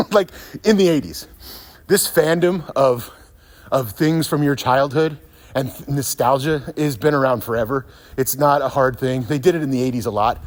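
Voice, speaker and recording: A man's voice: medium pitch, moderate pace. A man ranting in a sarcastic, profane commentary monologue, laughing often. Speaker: YouTube commentator.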